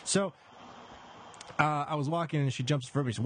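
A man's voice: a little high, fast talker, long pauses. A man co-hosting a casual comedy podcast, telling a story with sarcastic, joking asides. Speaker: podcast co-host.

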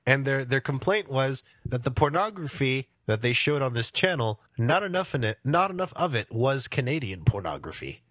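A man's voice: mid-range voice, very animated, moderate pace, few pauses, a bit bright, dry recording, clean studio sound. A man co-hosting a podcast in casual chat, reading news stories aloud in a laid-back way. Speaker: podcast co-host.

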